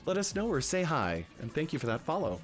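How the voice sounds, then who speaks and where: A man hosting a casual livestream, talking to viewers in an animated, chatty way and slipping into rants. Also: fairly high pitch, fairly quick, faint music behind. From Canada. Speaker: livestream host.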